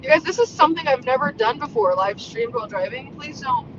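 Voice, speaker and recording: A woman co-hosting by phone while she drives, loud and gushing, swearing and laughing as she chats. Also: high voice, big pitch swings, a little fast, highs cut off. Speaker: podcast co-host calling in. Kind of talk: casual chat while driving. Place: in a car. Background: road noise.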